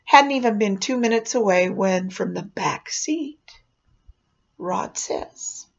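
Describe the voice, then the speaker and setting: A woman's voice: medium pitch, takes it slowly, gravelly. A woman telling a spooky personal story dramatically, dropping into whispers for suspense. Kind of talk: oral storytelling. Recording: dull lo-fi recording.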